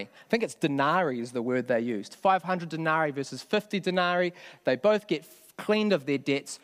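Fairly high-pitched and expressive, the man talks a little fast as he preaches, chatting with the congregation and frequently asking them questions. A long hall reverb hangs on his words.

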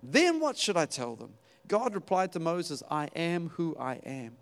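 Man, preacher, sermon, lively storytelling, fairly high voice. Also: unhurried, creaky. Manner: animated storytelling with acted-out quotes and laughs.

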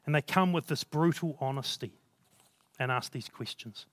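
A man's voice: medium pitch, moderate pace, a bit bright, no room sound. A man preaching a sermon in an earnest, conversational way, reading scripture aloud and reflecting on it.

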